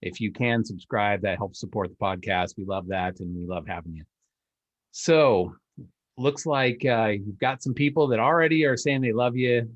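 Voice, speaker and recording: A man's voice: on the low side, normal speed, highs cut off. A man hosting a podcast over a video call, upbeat and chatty, joking with his guest. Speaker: podcast host. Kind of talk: casual interview chat.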